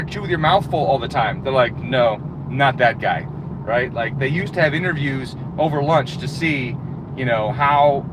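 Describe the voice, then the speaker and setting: A man's voice: fairly high pitch, background noise. A man delivering a heated, profane, exasperated rant as a channel host. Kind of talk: profane ranting monologue.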